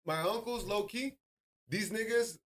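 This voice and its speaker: A man's voice: high-pitched, a little slow, a bit bright, slight background noise. A man co-hosting a podcast, bantering casually in slang with plenty of swearing. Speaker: podcast co-host. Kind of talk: casual chat.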